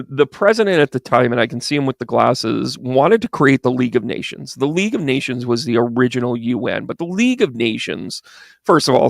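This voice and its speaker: A man's voice: mid-range voice, gravelly, dry recording, clean studio sound. A man co-hosting a livestream who rambles through casual commentary with a sarcastic, digressive, conversational manner. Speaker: livestream co-host.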